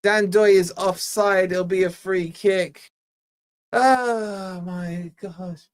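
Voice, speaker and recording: A young man from Scotland hosting a live fan watch-along, giving exasperated, chatty play-by-play and reading out viewer shout-outs. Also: high-pitched, steady tone, extremely slow. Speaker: fan channel host.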